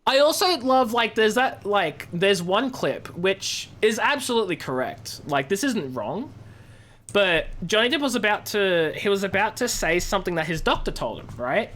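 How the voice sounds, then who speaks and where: Chatty woman, lively bright voice. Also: medium pitch, normal speed. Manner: animated, chatty, amused. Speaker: streamer and law student. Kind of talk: casual chat while gaming.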